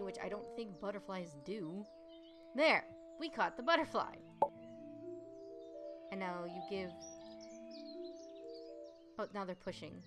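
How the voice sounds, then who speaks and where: A woman voice-over artist giving chatty let's-play commentary while playing a puzzle game, reacting aloud with gasps and exclamations. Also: medium pitch. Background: game music.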